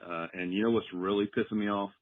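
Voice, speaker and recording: Fast-talking frustrated male caller, dull sound. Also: lowish voice, fairly even intonation, dry recording. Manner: frustrated, crude, quick. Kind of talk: ranting voicemail.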